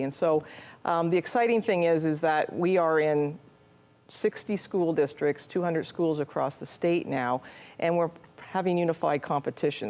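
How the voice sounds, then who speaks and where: Sitting low and a little mellow, this middle-aged nonprofit CEO's voice carries earnest answers to interview questions. As a guest, she restarts often and uses many fillers.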